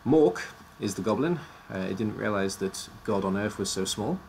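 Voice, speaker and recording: A man's voice: on the low side, lively intonation, moderate pace, creaky, a little mellow, a little hiss or hum. A man casually presenting teams on a live stream, his voice slightly worn out, joking and stumbling over odd names.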